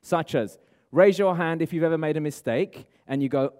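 A man giving a lively motivational seminar talk, asking the room and viewers at home questions. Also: fairly high pitch, moderate pace. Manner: energetic, coaching, asks the audience questions. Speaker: motivational speaker. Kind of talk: live seminar talk to room and online audience.

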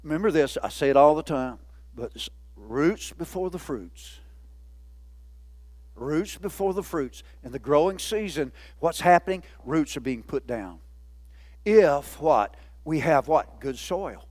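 High-voiced pastor guy, folksy and jokey sermon, dry close sound. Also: expressive, a little slow, a little mellow, no echo. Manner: folksy, playful, laughs often. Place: church.

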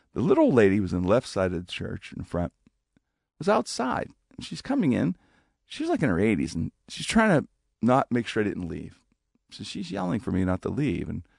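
A man casually telling a personal story, animated, acting out the voices of people he quotes. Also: vocal fry, breathy edge, no room sound, studio quality. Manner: animated, acts out quoted speech with big pitch jumps.

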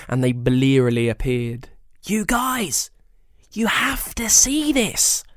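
A storyteller reading a children's story in an expressive, animated way. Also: mid-range voice, clean tone, dry recording, studio quality.

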